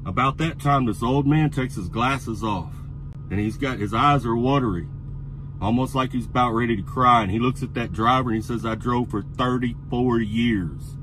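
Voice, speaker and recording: A middle-aged man telling an angry, profane story about a truck stop that builds into heated yelling. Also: medium pitch, moderate pace, over music. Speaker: truck driver vlogger.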